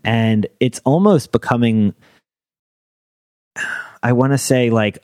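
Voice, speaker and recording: A man's voice: medium pitch, slow pace, darkish tone, no room sound, clean studio sound. A young man, a stand-up comedian, telling stories in casual chat and laughing through his anecdotes.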